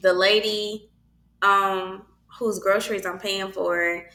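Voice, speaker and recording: Bright-voiced woman telling a faith story. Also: mid-range voice, slow, echoey room. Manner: animated, acts out quoted voices. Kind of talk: casual personal storytelling.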